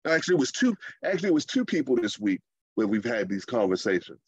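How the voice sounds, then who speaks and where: A man preaching a sermon in a lively, conversational way, with playful asides. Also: mid-range voice, fast, breathy edge, no room sound, lo-fi sound.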